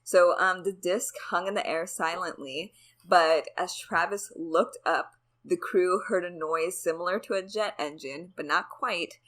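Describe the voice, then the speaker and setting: Her voice sits on the low side and is a bit bright as this podcast co-host tells a story without hurrying. It's a casual, chatty telling, peppered with swearing and plenty of "like."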